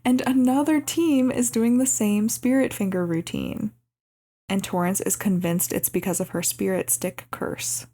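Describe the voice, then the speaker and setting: A young woman co-hosting a podcast who recaps a movie casually and acts out the quoted lines with lively changes of voice. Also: medium pitch, a little slow. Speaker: podcast co-host.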